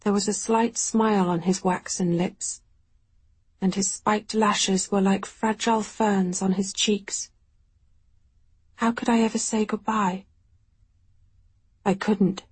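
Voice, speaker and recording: Slow, breathy woman reading an audiobook. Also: medium pitch, steady tone. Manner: quiet, measured, reflective. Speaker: audiobook narrator. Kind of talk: first-person audiobook narration.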